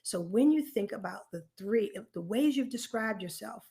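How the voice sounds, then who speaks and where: Woman host, mid-pitched voice, earnest and encouraging, leads a live online workshop and hammers home her key phrases. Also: animated, normal speed, warm tone. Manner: earnest, encouraging, addressing participants directly; emphatic, repeats key phrases.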